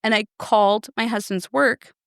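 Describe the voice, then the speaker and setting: A woman's voice: a little high, normal speed, gravelly, clean tone, no echo, clean studio sound. A woman in her thirties, a podcast co-host, telling a personal story in casual chat and acting out what others said. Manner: animated, acts out quoted voices.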